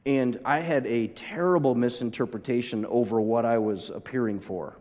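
A man's voice: medium pitch, normal speed, a little mellow. A man preaching to a congregation, his voice sitting in a middle register. He tells a personal story, acts out the voices in it, and then builds to emphatic peaks. The sound carries a long reverb from a large hall. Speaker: pastor. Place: church hall.

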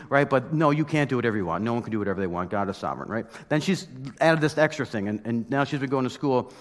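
Pastor, thirties, man, casual storytelling sermon, voice a bit high, big echoing hall. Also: fast, hardly any pauses. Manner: conversational, animated storytelling with mock outbursts.

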